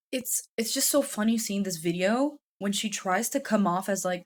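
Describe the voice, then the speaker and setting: A woman's voice: medium pitch, moderate pace, few pauses. A woman YouTube commentator giving casual, chatty commentary, swearing freely and laughing often.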